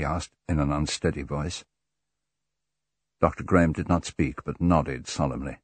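Male audiobook narrator, deep and husky, even and measured. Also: no echo. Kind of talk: scripted narration.

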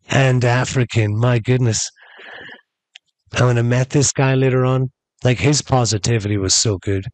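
A man's voice: on the low side, darkish tone, no room sound. A man hosting a podcast, telling a rambling story casually and calling his listeners folks. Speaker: podcast host.

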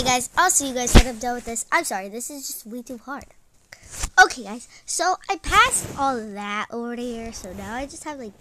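A young woman giving casual commentary on her gameplay, often frustrated, exclaiming loudly, then dropping to whispers. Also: a little high, noisy background. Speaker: gaming vlogger.

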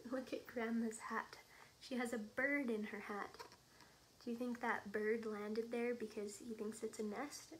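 A young woman, a children's librarian, reading a bedtime story with gentle, chatty asides to children. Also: on the high side, background noise.

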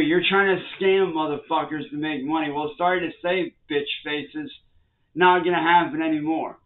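Swearing and issuing repeated threats and warnings, a male vlogger angrily addresses the people he labels trolls. He speaks at a moderate pace in a voice on the high side, and the audio has a tinny, phone-like quality.

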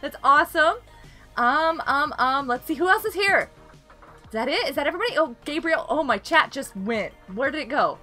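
A woman's voice: high voice, animated, moderate pace, bright, forceful tone, faint music behind. A young woman live-streaming a game, chatting casually and giggling often as she greets viewers.

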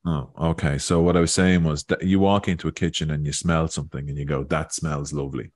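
Man, very low voice, rambling casual lesson host on a video call. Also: fairly even intonation, fast, a little mellow. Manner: rambling, thinking aloud, repeating words. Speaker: Irish learning video host.

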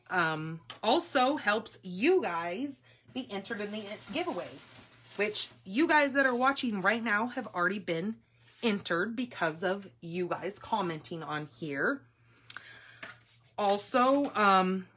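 Chatty, gushing woman demonstrating crafts. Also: medium pitch. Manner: chatty, gushing, excitable with fillers. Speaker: papercraft demonstrator hosting a live class. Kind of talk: casual live craft demonstration.

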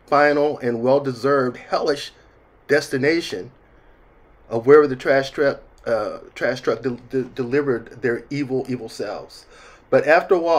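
A man with a lilt talks through his watercolor painting in a relaxed tutorial voice-over. His voice sits at a middle pitch, and his manner is chatty and self-mocking, full of wry jokes. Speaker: watercolor artist teaching.

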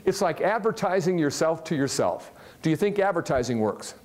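A man from Ohio giving a live motivational talk to an audience, animated and jokey, often putting questions to the crowd. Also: fairly high pitch, moderate pace. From Ohio, USA. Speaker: motivational speaker. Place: large hall with a live audience.

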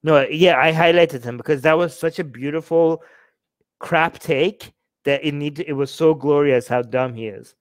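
A man's voice: a little high, clean tone, no room sound. A man hosting a livestream, mocking and exasperated as he reacts to the live chat. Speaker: livestream host. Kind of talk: livestream commentary.

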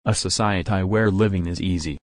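A furious young villain girl who spits out threats, as a man reads her lines from a fan story. The voice sits low and is recorded dry and close, with no room sound. She is angry and menacing throughout. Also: fairly even intonation, brisk, no room sound, close to an everyday voice. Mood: angry, threatening. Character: vengeful young female knife-wielding villain.

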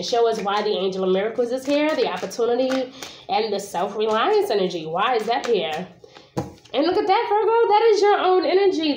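A woman from Brooklyn, New York, giving a casual tarot reading to camera, chatty and informal, swearing now and then and often asking "okay?". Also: a little high. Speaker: tarot reader. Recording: echoey room.

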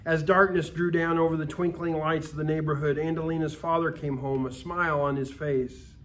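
A man reading a Christmas story aloud in a calm, expressive storytelling manner, with occasional small slips. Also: a little high, normal speed, slight background noise. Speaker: story reader.

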